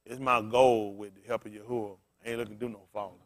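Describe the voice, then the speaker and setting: A male pastor giving a casual, storytelling sermon, asking his congregation questions and swinging from loud bursts to quiet murmurs. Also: lowish voice, quick pace. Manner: conversational preaching, swings from loud excited peaks to quiet murmurs.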